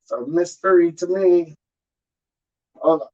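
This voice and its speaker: This vlogger's voice sits high and warm, and he talks at a slow pace on a recording with the highs cut off. Just out of the shower at home late at night, he chats in a loose, rambling way, calling the viewer "dog," saying "how you mean," and breaking into football chants.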